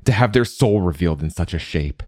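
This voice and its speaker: A man's voice: deep voice, expressive, brisk, dry recording, studio quality. A man voicing a proud, ashamed young male warrior who speaks tensely and defiantly in a storybook reading. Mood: angry. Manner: tense, defiant, sometimes shouting.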